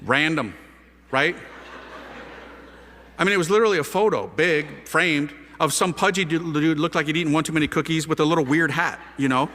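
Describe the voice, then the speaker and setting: Animated, bright-voiced man in an echoey hall. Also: moderate pace, a little hiss or hum. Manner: lively storytelling with wide pitch swings and casual slang. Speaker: priest giving a conversion testimony. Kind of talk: animated spoken testimony.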